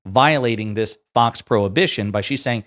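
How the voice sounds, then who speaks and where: A man's voice: medium pitch, normal speed, fairly bright tone. A man hosting online political commentary, reading quotes aloud and adding blunt sarcastic asides.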